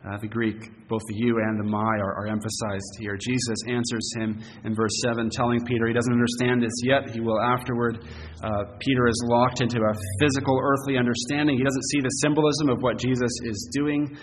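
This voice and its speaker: Earnest preacher in a reverberant hall. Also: male voice, mid-range voice, little pitch movement, brisk. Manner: earnest, emphatic preaching with fillers. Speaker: pastor. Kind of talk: expository sermon. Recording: long reverb, faint hiss.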